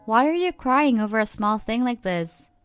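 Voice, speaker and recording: A woman's voice: a little high, animated, moderate pace, clear, resonant tone, no echo, faint music behind, lightly acted. A woman voicing a humble older mother who soothes and reassures her family, in a read-aloud story. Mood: reassuring.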